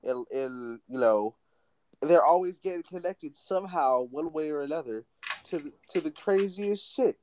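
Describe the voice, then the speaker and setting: A man's voice: on the high side, animated, normal speed, darkish tone, a little hiss or hum, poor audio. A man co-hosting a podcast, rambling in casual chat with lots of fillers and swearing. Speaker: podcast co-host.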